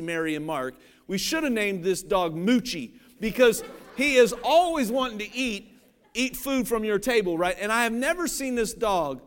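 A man's voice: sits high, fairly bright tone, clean tone. A man from Cincinnati, Ohio, preaching a sermon in a conversational, joking way and often checking that the audience follows along. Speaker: pastor.

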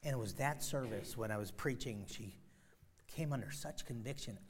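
A middle-aged man preaching a sermon as pastor, emphatic, with sudden loud rises and soft drops. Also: mid-range voice, moderate pace, a little hiss or hum.

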